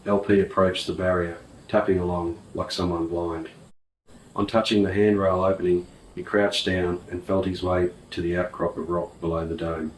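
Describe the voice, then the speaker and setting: A man reading an audiobook in a slow, measured way. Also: low-pitched, roomy sound, distant mic, a little hiss or hum, rough recording. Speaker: audiobook narrator. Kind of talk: scripted narration.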